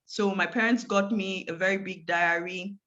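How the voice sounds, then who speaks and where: A woman's voice: mid-range voice, fairly even intonation, moderate pace, bright, forceful tone, highs cut off. A woman giving a guest talk on a video call, telling a personal story vividly and acting out the dialogue. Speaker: guest speaker.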